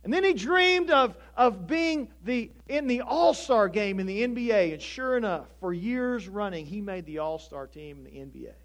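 A pastor preaching a sermon to a congregation, talking conversationally with jokes and building to emphatic preaching. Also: male voice, high voice, lively intonation, normal speed, hardly any pauses.

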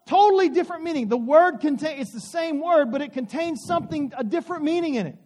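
A man in his forties, a pastor, preaching a sermon with storytelling, folksy asides and slow, drawn-out emphasis. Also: extremely high pitch, animated, darkish tone.

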